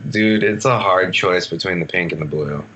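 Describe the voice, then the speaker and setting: There's slight background noise behind this deep, sharp-toned male voice. He's a podcast guest in his late twenties on a video call, easygoing and rambling, swearing freely in casual conversation.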